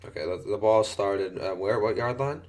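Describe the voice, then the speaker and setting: A man's voice: lowish voice, moderate pace, a little mellow. A young man doing casual, profane gameplay commentary while hiccuping, breaking into exaggerated yelps. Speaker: gaming commentator.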